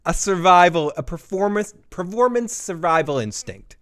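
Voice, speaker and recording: A man with a slightly higher-than-usual voice hosts a casual live breakdown of a TV episode. He talks in a loose, rambling way, swears freely and laughs often. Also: expressive, moderate pace, fairly bright tone. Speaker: host of a TV review show.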